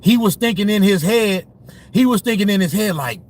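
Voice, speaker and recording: A man's voice: high voice, expressive, a little fast. A man delivering a heated, profane sports rant, full of slang, repeats and restarts. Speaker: sports commentary vlogger.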